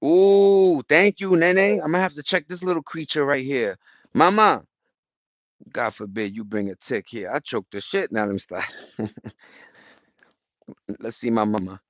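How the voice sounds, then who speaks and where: A man streams live from outside, chatting with viewers in a profane, slangy, wandering way and often starting sentences over. His slightly high voice is animated, at a moderate pace. The audio is dull and free of echo.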